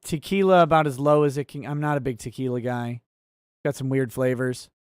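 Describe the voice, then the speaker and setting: A man hosting a relaxed livestream, reading viewer chat aloud and answering in a rambling, easily sidetracked, wry way. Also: mid-range voice, a little fast, clear, resonant tone, dry recording, clean studio sound.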